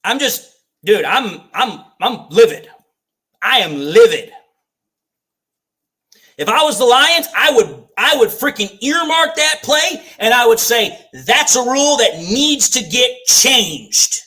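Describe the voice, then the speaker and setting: A man's voice: very high voice, big pitch swings, measured pace, pushed and bright. A man calling a football game live for a fan watch party, ranting and swearing as he repeats his complaints. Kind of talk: live play-by-play fan commentary.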